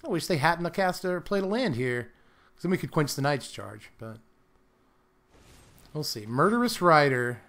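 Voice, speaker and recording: Young male gameplay commentator, slightly high voice, casual and jokey, quick to laugh. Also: big pitch swings, a bit bright. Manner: playful, laughs often, slips into mock British accent.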